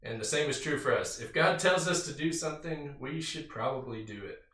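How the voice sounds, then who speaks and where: Bright-voiced man teaching Bible study. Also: mid-range voice, expressive, brisk. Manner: reads scripture aloud, then explains it conversationally with fillers and "right?". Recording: roomy sound from a distant mic.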